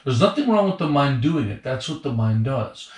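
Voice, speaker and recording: A man guiding someone through meditation, speaking with calm patience in an everyday tone. His voice sits back from the mic in a room that rings a little. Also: medium pitch, a little fast. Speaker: meditation teacher. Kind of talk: guided instruction, conversational. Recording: roomy, distant mic.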